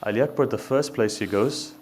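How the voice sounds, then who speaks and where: A man giving a mourning sermon, reciting slowly and rising to loud grieving cries. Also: mid-range voice, slight background noise. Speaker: Shia religious speaker.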